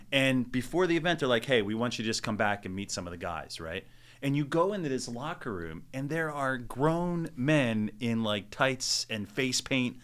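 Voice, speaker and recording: A middle-aged man, a stadium announcer, telling stories in a relaxed podcast interview and acting out the people he quotes. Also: mid-range voice. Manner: animated storyteller, acts out quotes. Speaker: stadium public address announcer, podcast guest. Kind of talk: casual storytelling interview.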